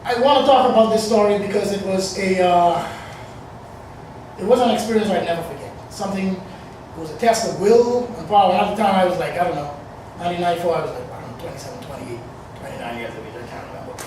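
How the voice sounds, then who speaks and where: Man in his forties, high voice, rambling live storytelling, echoey distant room. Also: fast talker, darkish tone, a little hiss or hum. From Bahamas. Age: 40s. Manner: rambling, conversational, with many fillers.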